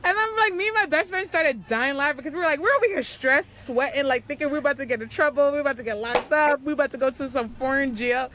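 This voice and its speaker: Animated young woman telling travel stories. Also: high-pitched, fast, hardly any pauses, slight background noise. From United States. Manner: animated storyteller, acts out quotes, says "like" often. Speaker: guest. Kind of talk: casual chat.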